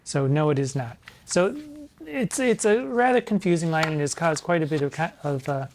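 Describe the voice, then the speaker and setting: A man in drag persona giving literary commentary on sonnets, arch and playful, slowing down to recite quoted lines with emphasis. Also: on the high side, animated, a little mellow. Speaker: drag performer hosting a sonnet discussion.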